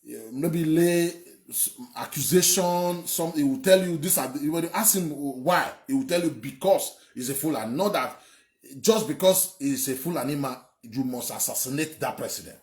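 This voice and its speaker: A young man from Edo State, Nigeria, works as an online commentator and delivers heated political talk, emphatic and rambling, repeating words and swearing. His voice sits on the high side at a normal speed with a slightly mellow quality. The recording has the echo of a reverberant room.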